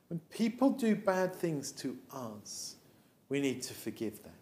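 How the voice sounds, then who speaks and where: A man acting as preacher, telling a story to children in a chatty, animated way with frequent fillers. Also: medium pitch.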